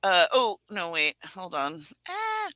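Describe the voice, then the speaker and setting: Brief: man from the Pacific Northwest, chatty co-host, very bright and edgy tone, dry close mic, rambling with lots of laughs. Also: sits high, huge pitch swings, takes it slowly, no room sound, low-quality recording. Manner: rambling, self-mocking, laughs often. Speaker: podcast co-host. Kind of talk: casual chat.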